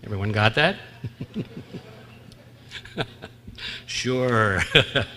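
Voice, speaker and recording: A conference speaker gives a wry, humorous lecture in a large historic theatre, chuckling at his own jokes and stretching out punchlines. His medium-pitched voice is sharp, with lively intonation and drawn-out words. The hall adds long reverb, plus a little hiss or hum.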